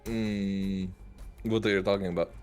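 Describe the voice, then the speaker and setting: A man's voice: deep voice, little pitch movement, unhurried, darkish tone, clean tone, soft background music. A man playing a tabletop game, improvising in character in a whiny, rambling, flustered way. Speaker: player.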